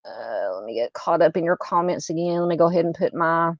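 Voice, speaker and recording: A woman's voice: on the low side, lively intonation, brisk, vocal fry, no echo, highs cut off. A woman hosting a true crime livestream, chatting with viewers by name and laughing at her own fumbles before reading a case. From Southern United States.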